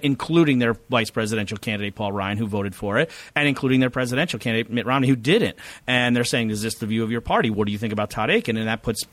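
Fast-talking man explaining politics. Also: fairly low pitch, fairly bright tone, no echo. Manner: fast, lecturing, piles up long explanations. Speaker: author and political scientist guest. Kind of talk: podcast interview answer.

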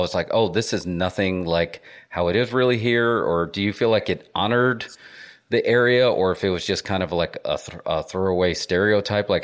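A man hosting a podcast, asking curious, rambling questions with many fillers. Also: deep voice. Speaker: podcast host. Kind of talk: podcast conversation.

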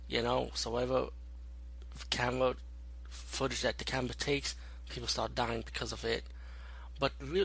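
A man's voice: medium pitch, gravelly, fairly bright tone, slightly rough, rough recording. A young man giving a loose, rambling spoken movie review, full of fillers and swearing.

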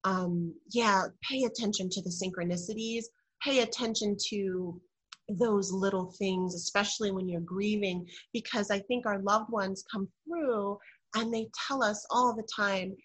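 Animated woman telling a personal story. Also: measured pace, slightly rough, poor audio. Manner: animated, re-enacts dialogue with rising pitch. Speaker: guest.

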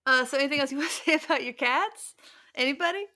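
A woman's voice: high-pitched, fast talker, sharp tone. A woman co-hosting a casual podcast, blunt and teasing, laughing often. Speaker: podcast co-host. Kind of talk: casual chat.

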